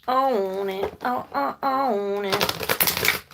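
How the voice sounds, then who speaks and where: A woman's voice: medium pitch, very slow, gravelly, heavy background noise. A woman giving a casual, rambling tarot reading, thinking aloud and laughing and swearing now and then. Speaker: tarot reader.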